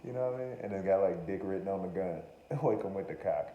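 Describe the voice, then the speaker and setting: A man with a low, very dark voice rambles through a profane comedic monologue, joking and cutting himself off. He sounds like a podcast host talking off the cuff. The recording is roomy and echoey, with faint noise behind him. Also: fast talker, dull audio. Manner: profane, joking, self-interrupting.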